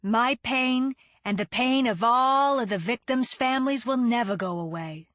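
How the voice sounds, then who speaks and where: Woman reading a grieving man, measured and bitter, dry close audiobook voice. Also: on the high side, a bit bright, no echo, muffled recording, voice pushed up. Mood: calm bitter. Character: grieving bitter middle-aged widower.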